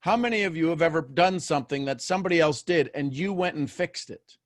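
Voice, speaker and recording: A man's voice: on the high side, brisk, dry recording, studio quality. A man hosting a daily motivational show, talking live to listeners. He keeps asking them questions and repeats phrases as he builds each point.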